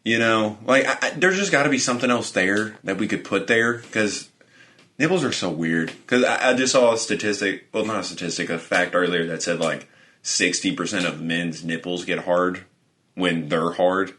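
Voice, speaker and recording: Low-voiced joking male podcast co-host. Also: normal speed, bright, forceful tone. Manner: crude, joking, laughs often. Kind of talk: casual chat.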